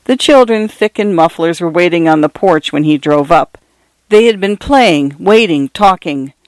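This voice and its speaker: A narrator giving a measured, expressive reading of a literary story, recorded close. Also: mid-range voice, no echo.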